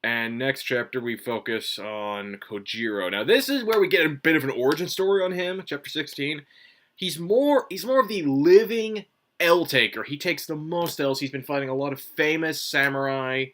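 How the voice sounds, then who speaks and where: This is a man with a sharp, bright tone, chatting through a review on his own. He rambles, swears freely and keeps restarting his sentences with fillers. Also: a little high, normal speed. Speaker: manga reviewer. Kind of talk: casual solo review commentary.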